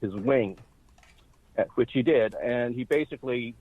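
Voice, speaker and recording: A man in his sixties from Ireland, a guest recounting his life story in a steady, storytelling way. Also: medium pitch, measured pace, slightly rough, no echo. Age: 60s. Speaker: interview guest. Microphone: telephone. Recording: dry tinny phone line.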